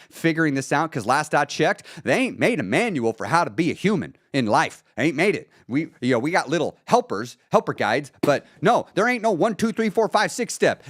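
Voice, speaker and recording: A man's voice: fairly high pitch, no room sound, clean studio sound. A man hosting a live stream, talking casually and bluntly with lots of swearing. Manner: blunt, profane, animated. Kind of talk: casual motivational talk.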